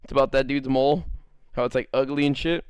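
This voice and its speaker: A man's voice: medium pitch, steady tone, quick pace, a little mellow, clean tone, no echo, studio quality. A man streaming live, telling rambling stories to his chat and acting out quotes in jumping voices, with a lot of swearing. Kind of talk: casual storytelling to live chat.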